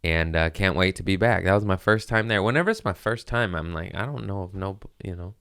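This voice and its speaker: A man's voice: low voice, brisk, a bit bright, clear, resonant tone, dry recording, clean studio sound. A man in his thirties hosting a podcast, telling stories in a profane, rambling casual chat. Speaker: podcast host, comedian.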